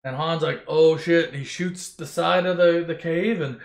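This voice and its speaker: A man with a high voice retells a movie for laughs, rambling and swearing sarcastically. The recording is roomy and echoey. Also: normal speed, vocal fry. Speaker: narrator. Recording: echoey room.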